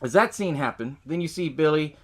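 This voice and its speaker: Podcast guy w a kinda high voice, casual movie rundown, cusses a lot n keeps laughing. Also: expressive, brisk. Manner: loose, profane, laughs often while retelling. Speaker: podcast host.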